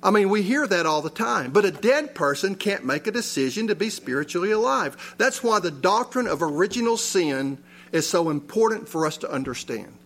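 A man's voice: high-pitched, lively intonation, normal speed, a bit bright. A man preaching a sermon in a church, reading scripture and asking his listeners rhetorical questions with rising emphasis. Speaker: pastor.

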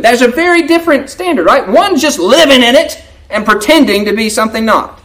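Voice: mid-range voice, lively intonation, fairly quick, a bit bright. A preacher giving a conversational sermon in a folksy way, often asking the congregation "right?" and acting out quoted prayers. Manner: folksy, keeps asking "right?" to check in with listeners; acts out quoted prayers and remarks in a raised voice.

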